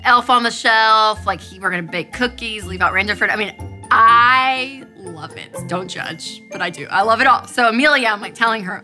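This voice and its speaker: A young adult woman hosting a talk show, telling a chatty, animated story and then interviewing a guest. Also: on the high side, normal speed, soft background music. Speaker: show host.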